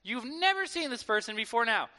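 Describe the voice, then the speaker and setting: A man preaching a sermon to his church in a lively, conversational way, acting out quoted voices. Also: very high-pitched, fairly quick. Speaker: pastor. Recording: long hall reverb.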